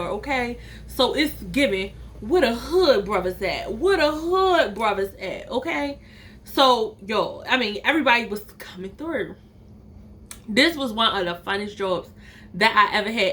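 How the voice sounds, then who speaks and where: A young woman, chatting straight to her viewers in a playful storytime. Her voice sits a little high and comes across bright and forceful. She talks loosely and keeps cracking herself up. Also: a little hiss or hum. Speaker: storytime vlogger.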